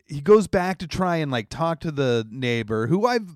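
A man's voice: on the high side, moderate pace, no echo, clean studio sound. A man telling a story in casual chat, acting out the people he quotes and laughing often. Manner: animated, acts out quoted voices, laughs often.

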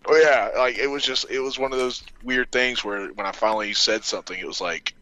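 Bright-voiced man telling a story. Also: mid-range voice, brisk, few pauses, a little hiss or hum, poor audio. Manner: animated anecdote-telling, swearing, laughing. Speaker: podcast co-host. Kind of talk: casual chat, storytelling.

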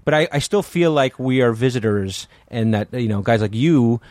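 A man's voice: mid-range voice, lively intonation, normal speed, a little mellow, dry recording. A man co-hosting a podcast, talking eagerly and acting out quotes in his stories. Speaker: podcast co-host. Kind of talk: casual podcast chat.

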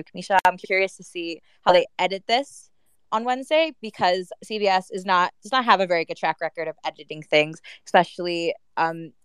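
A woman's voice: fairly low pitch, clear, resonant tone, dry recording. A woman in a casual audio chat room, talking heatedly and filling her speech with "like" and "um". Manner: heated, with frequent "like" and "um" fillers. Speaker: guest speaker.

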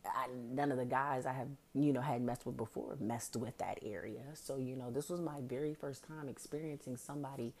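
A woman's voice: extremely low pitch, fairly even intonation, a little fast, hardly any pauses, a little mellow. A woman hosting a podcast, telling a personal story in a frank, profane, casual way, laughing often and acting out what people said. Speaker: podcast host.

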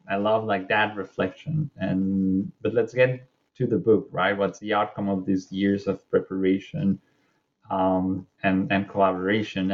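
A man hosting an interview, asking questions in a hesitant, reflective way. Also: on the low side. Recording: dull lo-fi audio.

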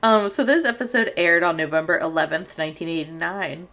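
A woman's voice: on the low side, brisk, fairly bright tone. A woman co-hosting a podcast, chatting casually and recapping a sitcom episode, laughing often. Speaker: podcast co-host.

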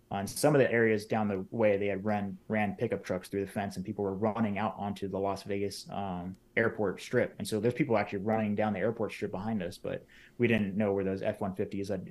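A man with a fairly low voice talks as a podcast guest. He tells his story casually and in detail, acting out the lines people said and leaning on fillers like "like.". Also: darkish tone. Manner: retells events in detail, acting out quoted lines, many fillers like "like".

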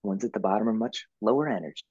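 A man guest on a podcast interview, talking in an easygoing, calm coaching way and laughing often. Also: lowish voice, racing, slightly rough, dry recording, highs cut off. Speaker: podcast guest, author and yoga instructor.

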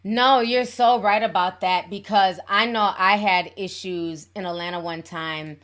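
A woman's voice: medium pitch, fairly even intonation, unhurried, fairly bright tone. A woman hosting a live call-in show, chatty and affectionate with her callers. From Minnesota.

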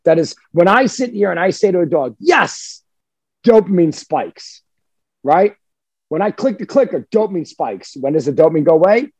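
A man's voice: on the high side, husky, no echo. A man who trains dogs, talking in a casual, emphatic way on a podcast and sometimes acting out what a dog thinks. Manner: emphatic, animated, acts out dog voices.

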